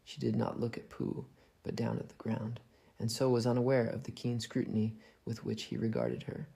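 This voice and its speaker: A man reading a classic detective story aloud in a calm, soft storybook narration. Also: mid-range voice, normal speed, creaky, slightly rough.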